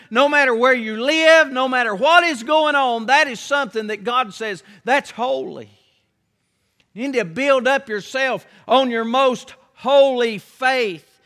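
A man with a very high, sharp-toned voice preaches a sermon in a church sanctuary, reading King James scripture aloud. He's emphatic and repetitive, repeating key phrases and drawing out words, with long church hall reverb on the recording.

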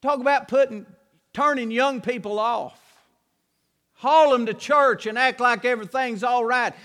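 A man's voice: very high voice, a little slow, fairly bright tone. A man preaching a sermon, telling a story in a folksy way and acting out its scenes.

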